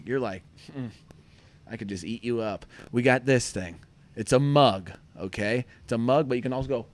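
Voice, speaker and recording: A man co-hosting a casual livestream, excitable and laughing, jumping between loud outbursts and mumbled asides. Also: mid-range voice. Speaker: livestream co-host. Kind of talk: rowdy casual livestream chat.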